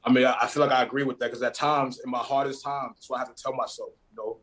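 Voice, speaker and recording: A young man speaking as a guest in a personal conversation, halting and searching for words, with casual slang. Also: medium pitch, steady tone, a bit bright.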